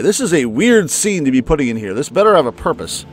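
Let's-play host, man; wry, incredulous commentary, animated pitch, soft music bed. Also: quick pace, hardly any pauses. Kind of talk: casual game commentary.

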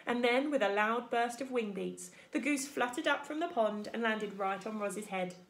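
A woman teacher reading a children's book aloud in an expressive storytelling manner. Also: a little high, normal speed. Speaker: primary school teacher.

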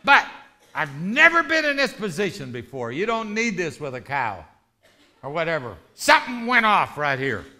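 A man preaching a lively testimony sermon, telling a story with shouts and laughter. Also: on the high side, moderate pace. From rural ranch background.

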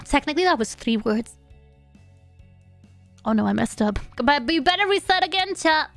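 Giggly high-voiced woman streamer. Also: lively intonation, normal speed, no room sound, faint music behind. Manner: playful and giggly, babbling along to game sounds. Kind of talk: casual live-stream gameplay chat.

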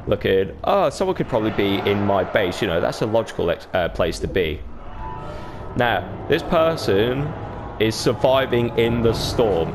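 A man's voice: on the low side, creaky. A man giving casual, profanity-heavy commentary over his own gameplay, with a laid-back manner. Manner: laid-back, swears a lot, mimics others. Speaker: gaming YouTuber. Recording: noticeable background noise.

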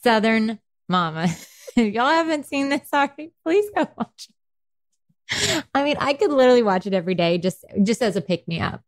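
A woman's voice: fairly high pitch, moderate pace. Chatty South Carolina woman podcast host. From South Carolina, USA. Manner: chatty, laughing, animated storyteller. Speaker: podcast co-host, dental hygienist. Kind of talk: casual chat.

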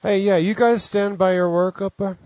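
A man making a prank phone call, speaking in a flat, insistent and absurd way. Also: high voice, moderate pace, very noisy. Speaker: prank caller.

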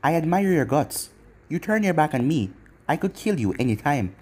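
Brief: reader voices sneering young male villain for a storybook read, taunting, husky. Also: medium pitch, very animated, moderate pace, darkish tone. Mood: mocking. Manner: taunting and mocking. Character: cruel, gloating young male ninja villain. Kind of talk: fan fiction reading.

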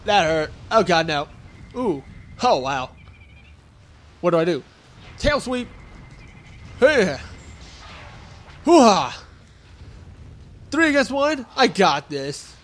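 Goofy high-voiced young man gaming. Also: very animated, slow, long pauses, fairly bright tone. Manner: goofy, grunting and yelping at hits; jokey self-talk to the enemies. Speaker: let's play gamer. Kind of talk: casual gameplay commentary.

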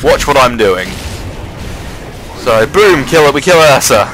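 A man giving casual, excitable commentary over a replay of his own online match, swearing freely and jumping up in pitch at the big plays. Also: unhurried, slight background noise, poor audio.

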